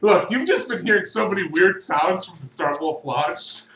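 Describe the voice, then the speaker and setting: A man narrating a tabletop game as game master, his voice bright and a bit high. He tells the scene in a lively way, laughing along and raising his voice when things go wrong. The room is echoey, with faint noise underneath. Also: normal speed. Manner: lively, laughing storyteller who shouts in big moments.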